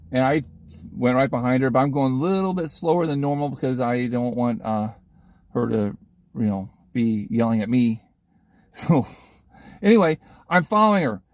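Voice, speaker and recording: A man casually telling a funny anecdote in a vlog, lively and chatty, laughing at his own story. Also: mid-range voice, dry recording, studio quality.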